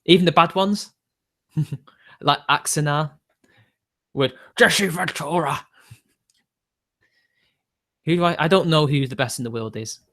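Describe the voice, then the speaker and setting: A man's voice: on the high side, lively intonation, a little fast, a bit bright. A man, chatting casually on a livestream, answering viewers' questions in an opinionated, rambling way with frequent laughs. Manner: rambling, opinionated, laughs often between remarks. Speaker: streamer.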